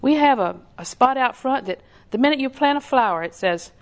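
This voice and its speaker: High-pitched and fairly quick, a woman preacher tells homespun stories in a conversational sermon. As an animated storyteller, she mimics other people's voices, adds laughing asides and drops into whispers to stress a point.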